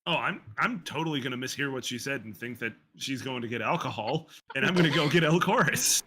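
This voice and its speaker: A man's voice: mid-range voice, animated, brisk, bright, forceful tone, husky. A man playing in a tabletop game over voice chat, playful and stumbling over his words. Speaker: tabletop player.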